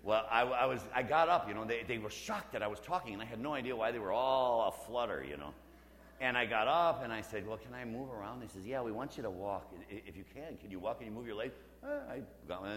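Priest preaching in an echoing church. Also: male voice, medium pitch. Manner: conversational and humorous, dropping to a hush for emphasis. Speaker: Catholic priest leading a parish mission. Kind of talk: storytelling sermon. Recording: roomy church with long reverb.

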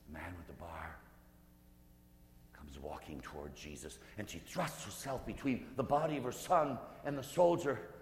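A man preaching a guided meditation sermon, telling the scene vividly, swelling to intensity and sinking to hushed whispers. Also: very deep voice, expressive, normal speed. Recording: echoey hall with faint hum.

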